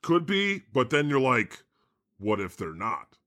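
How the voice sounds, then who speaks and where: A man playing God as a jokey podcast host, sarcastic and animated in comedy banter. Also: mid-range voice, a little slow. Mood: playful. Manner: sarcastic, animated, laughs often.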